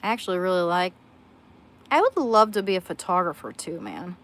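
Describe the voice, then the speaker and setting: A woman's voice: lowish voice, big pitch swings, a little fast, poor audio. A woman chatting casually on her livestream, rambling and self-deprecating, often trailing off and restarting her sentences. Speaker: livestream host. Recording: loud background noise.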